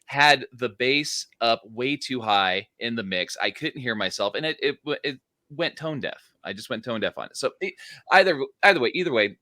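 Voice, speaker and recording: A man playing a tabletop role-playing game, talking in character in a halting way with many restarts. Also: medium pitch, lively intonation, sharp tone, dry recording, clean studio sound. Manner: halting, full of fillers and restarts. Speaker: player.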